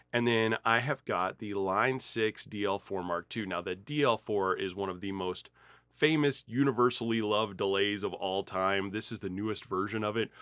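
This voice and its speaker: A man's voice: clean tone, no room sound. A man hosting a guitar gear show, telling a story with acted-out quotes and then demonstrating pedals in a casual, chatty way. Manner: animated storyteller, acts out quoted dialogue with big pitch jumps. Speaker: music store host demonstrating guitar gear.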